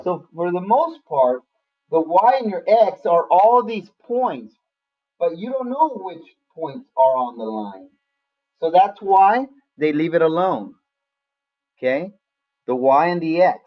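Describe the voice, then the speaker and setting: A man's voice: a little high, very animated, slow, muffled recording. A man teaching a math lesson to a class online in a casual, friendly way, calling on students by name.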